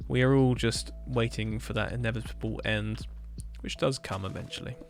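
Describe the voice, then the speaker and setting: A man streaming a building game, chatting casually and rambling with dark jokes. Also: on the low side, normal speed, creaky, faint music behind. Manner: rambling, joking, darkly humorous. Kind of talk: casual chat while gaming.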